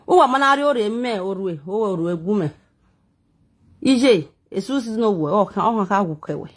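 A woman's voice: medium pitch, breathy edge. A Nigerian woman vlogging a heated, defensive, rambling rant to her viewers. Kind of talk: emotional personal rant to viewers.

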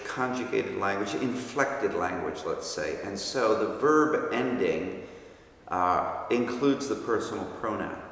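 A man's voice: on the low side, a bit bright. A man leading a Bible study lecture who explains terms patiently, step by step. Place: church hall. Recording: very echoey church hall with long reverb.

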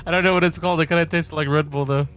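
A man chatting casually while playing a game, easygoing and quick to laugh. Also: fairly high pitch, steady tone, fairly bright tone, soft background music. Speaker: co-player. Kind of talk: casual gaming chat.

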